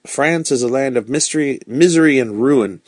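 A man reads a principled young nobleman in a storybook, earnest and solemn. The voice is a medium-pitched male voice, close to the reader's own. It is recorded dry. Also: normal speed, dry recording, lightly acted.

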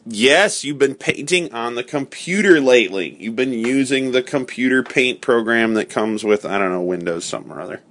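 A man's voice: mid-range voice, expressive, moderate pace, hardly any pauses, fairly bright tone. Easygoing guy hosting a laid-back chat, joking around and laughing. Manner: playful, jokey, laughs often. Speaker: host. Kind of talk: casual morning chat with a child.

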